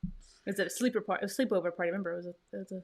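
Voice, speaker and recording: A woman's voice: mid-range voice, rapid-fire, darkish tone. A young woman co-hosting a casual vlog chat, chatty and jokey. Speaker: YouTube channel co-host.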